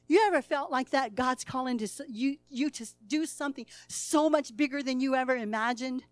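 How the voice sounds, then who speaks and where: A woman preaching a sermon in a folksy, storytelling way, laughing at times, acting out the people in the story and swinging between hushed and loud passages. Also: high voice, moderate pace, dry recording.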